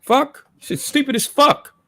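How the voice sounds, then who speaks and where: With a very high-pitched, slightly bright voice, this Baltimore-accented guest, an adult with children, curses his way through a rant on a livestream talk. He speaks a little slowly, with no room sound.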